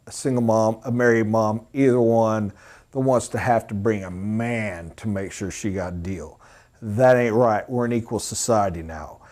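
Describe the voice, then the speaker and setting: A man giving a live sales training talk, emphatic and animated, acting out little scenes. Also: mid-range voice. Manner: animated, emphatic, mock voices for examples.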